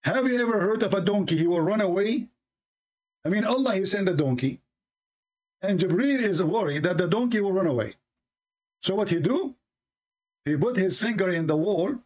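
A man hosting a religious debate show, speaking in a sarcastic, mocking way and reading texts aloud slowly. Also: animated, darkish tone. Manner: sarcastic, reads texts aloud slowly, mimics opponents in a high voice.

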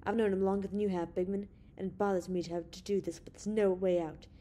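Woman doing a tense male officer, insistent and accusing, raised voice, mellow timbre. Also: mid-range voice, little pitch movement, fast, natural voice. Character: tense male officer holding friends at gunpoint.

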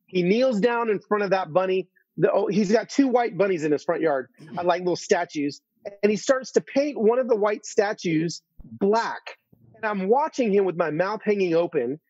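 A man's voice: high-pitched, darkish tone, no echo, muffled recording. A man as an interview guest, telling a story earnestly, full of restarts and asides.

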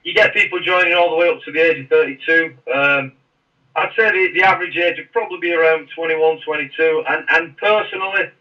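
Brief: man, fairly high, bright voice, rambling storyteller, mic distant and muffled. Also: brisk. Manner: rambling, frequent restarts. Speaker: podcast guest, former Royal Marine. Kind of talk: casual interview storytelling. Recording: muffled, distant podcast audio.

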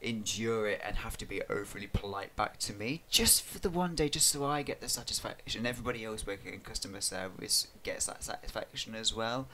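A man co-hosting a casual podcast, rambling through his answers and poking fun at himself. His pitch swings up and down a lot as he talks. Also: a little fast, few pauses, slight background noise. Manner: rambling, self-deprecating, lively delivery. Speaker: podcast co-host. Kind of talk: casual chat.

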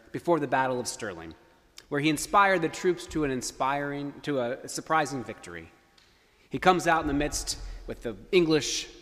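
Man preaching in church, earnest and emphatic, voice going up and down a lot, long echo. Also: a little high. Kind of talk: sermon. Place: church sanctuary.

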